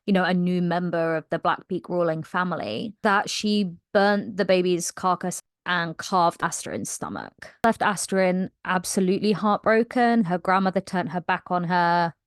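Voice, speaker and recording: A young woman retells a novel's plot in a casual, animated vlog. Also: on the low side, moderate pace, few pauses, smooth, dry recording, clean studio sound. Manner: animated, gushing storyteller. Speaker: book vlogger. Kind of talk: casual book recap vlog.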